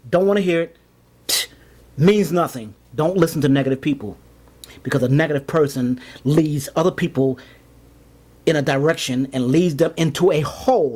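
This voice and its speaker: A man's voice: on the high side, a little fast, darkish tone. A man giving a rambling motivational monologue. He keeps repeating himself and pressing his points hard. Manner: rambling, repetitive, emphatic. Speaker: card trick performer and vlogger.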